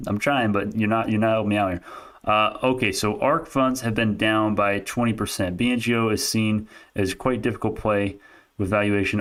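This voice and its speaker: Young male streamer, low voice, argumentative live-chat commentary, quick laughs. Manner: animated, argumentative, laughs often, reads chat aloud. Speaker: stock market streamer.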